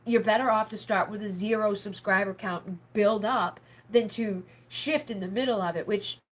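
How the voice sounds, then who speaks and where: A woman's voice: medium pitch, moderate pace. A woman hosting a casual livestream for her members, rambling with lots of filler words and frank swearing. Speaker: spiritual healer hosting a members' live stream.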